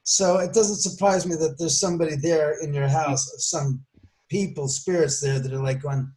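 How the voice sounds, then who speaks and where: High-voiced man arguing his point. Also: fairly even intonation, moderate pace, rough recording. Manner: forceful, argumentative, lecturing. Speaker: paranormal guest. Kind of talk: emphatic podcast talk.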